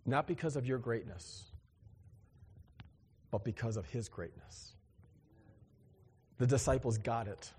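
A man preaching a sermon in an animated, joking way, acting out little dialogues with big swings in his voice. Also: medium pitch, a little slow, pauses often, long reverb tail, a little hiss or hum. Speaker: pastor.

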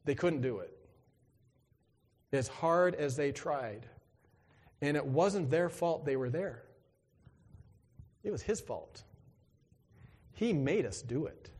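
Lively man preaching in a reverberant hall. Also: a little high, takes it slowly, pauses often. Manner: lively, conversational, acts out voices and exclamations. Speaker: pastor. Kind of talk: sermon.

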